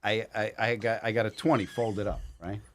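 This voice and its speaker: A man, a comedian guest on a podcast, telling family stories in an animated way. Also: normal speed, a little hiss or hum. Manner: animated storyteller, voice jumps high. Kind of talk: casual chat.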